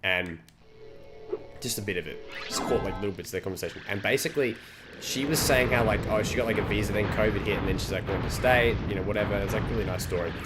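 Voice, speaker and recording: A low-voiced man talks casually over a game stream, drifting into rambling stories. He swears freely and keeps a loose chat going. Game music plays clearly behind him. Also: quick pace.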